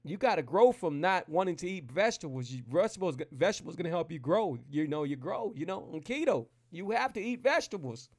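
A man's voice: fairly high pitch, very animated, quick pace, few pauses. A man coaching viewers on keto during a live stream, talking casually and energetically, rambling and repeating himself. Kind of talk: live-streamed motivational talk.

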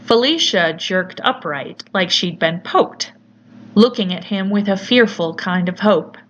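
A woman narrating a horror story in a measured, deliberate storytelling manner. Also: mid-range voice, animated. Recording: slightly muffled with faint hiss.

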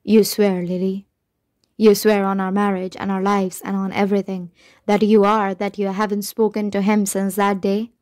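A remorseful young husband pleads, his words pressed and urgent, as a woman reader puts him on. The tone stays mellow and fairly flat. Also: mid-range voice, moderate pace, dry recording, clean studio sound, lightly acted. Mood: pleading.

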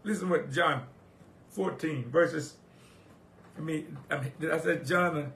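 A male preacher, delivering a sermon. He repeats his phrases and quotes scripture in old wording, swinging from quiet reflection to loud, rising exhortation. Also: on the high side, unhurried, creaky, a little hiss or hum. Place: church sanctuary. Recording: echoey church room.

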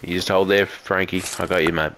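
Aussie streamer, lowish voice, cheeky and profane, medic banter over heavy gunfire noise. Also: male voice, fairly even intonation, fairly quick. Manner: joking, swearing, banters with teammates. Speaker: streamer playing a medic in a war game. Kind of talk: casual gaming chat. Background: loud in-game gunfire and explosions.

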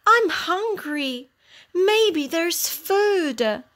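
A woman's voice: extremely high pitch, lively intonation, very slow, a bit bright, pitched above the performer's own voice, full character voice. A woman voicing a tired old male dog in a children's storybook reading, with a raised, weary voice. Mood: eager.

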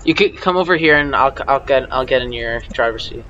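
A young man chatting casually while playing a team shooter, giving quick excited callouts and often restarting his words. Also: mid-range voice, highs cut off, a little hiss or hum. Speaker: gamer. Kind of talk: casual gaming chat.

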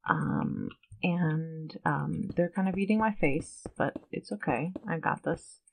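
A woman with a somewhat low voice talks through her game in casual commentary. She is chatty and a bit nervous, often asking herself questions aloud. A faint hiss sits under the recording. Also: slow pace, vocal fry, poor audio. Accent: Long Island put-on at times. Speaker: let's play gamer.

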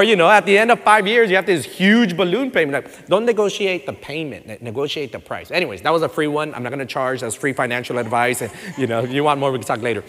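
A man preaching a sermon as pastor, animated and conversational, slipping Spanish words into his talk. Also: on the high side. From Texas. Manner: animated, conversational preaching with frequent fillers and acted quotes; mixes in Spanish words and phrases. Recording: long reverb of a church hall.

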